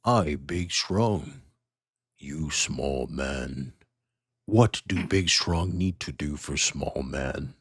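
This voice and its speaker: A man voicing a big, dim-witted male laborer who talks slowly in broken grammar. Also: extremely low pitch, gravelly, slightly rough, no room sound, studio quality, full character voice. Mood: dull, eager.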